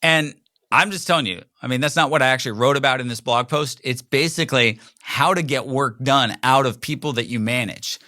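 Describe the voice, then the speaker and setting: Bright-voiced middle-aged man, rambling chat. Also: mid-range voice, fairly quick, no echo, studio quality. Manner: rambling, conversational, acts out quoted voices. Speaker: podcast host. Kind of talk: casual solo monologue.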